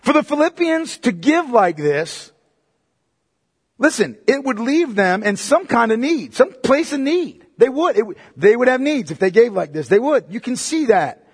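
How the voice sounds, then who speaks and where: A man preaching a sermon as pastor, emphatic and repetitive, swinging between loud and hushed delivery. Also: very high-pitched, very animated, measured pace, breathy edge, long reverb tail.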